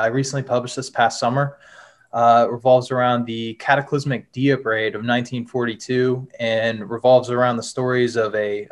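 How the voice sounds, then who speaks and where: A young adult man talking about his own novel in a relaxed, filler-heavy way. His voice sits at an ordinary male pitch, and he also reads his prose aloud in a steady narration. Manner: casual, many "uh" fillers. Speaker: author, former Marine. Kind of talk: interview answers and reading from his novel.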